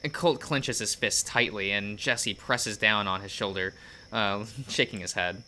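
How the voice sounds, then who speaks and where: Bright-toned man narrating a visual novel. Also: lowish voice, moderate pace. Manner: casual narration with fillers and self-corrections. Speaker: let's play host. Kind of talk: reading a visual novel aloud.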